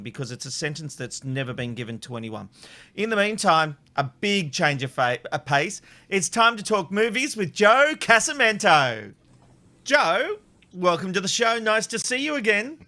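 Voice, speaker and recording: A male host in casual banter, with a bright, fairly high voice. He laughs often and jokes with his co-hosts. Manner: jokey, laughs often, puts on silly accents. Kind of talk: casual chat show banter.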